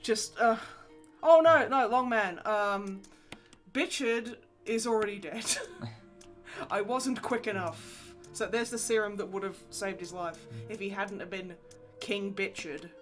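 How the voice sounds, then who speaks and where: Over soft background music, a young woman talks slowly through her gaming livestream at a medium pitch. She's a lively storyteller who laughs a lot and swears freely as she chats.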